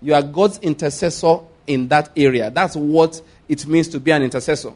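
A man preaching to his congregation in a voice pitched a little above the usual male range. He drives his points home by saying them twice and calling for the crowd to answer back. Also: moderate pace, a little mellow. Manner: repeats points and calls for congregation responses. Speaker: pastor. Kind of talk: sermon.

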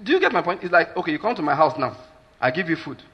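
A man's voice: on the high side, sing-song, quick pace, slightly rough, dull audio. A Nigerian man preaching a sermon as a pastor, emphatic and keeps asking his listeners whether they follow.

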